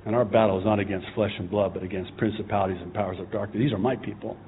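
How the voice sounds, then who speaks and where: A middle-aged man preaching a sermon as pastor, impassioned and at times rising to shouting. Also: fairly low pitch, steady tone, very fast, a little hiss or hum. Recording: tinny phone-like sound.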